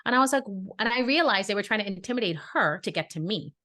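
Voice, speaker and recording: A woman's voice: medium pitch, lively intonation, fast talker, pushed and bright. A woman podcast co-host, from Brooklyn, telling a story in casual chat and acting out the dialogue with indignant energy.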